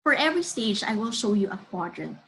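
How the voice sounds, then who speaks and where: A woman in her thirties giving a measured, earnest webinar talk on child development, advising parents as she moves through her slides. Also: mid-range voice, sing-song, fairly bright tone, husky, low-quality recording.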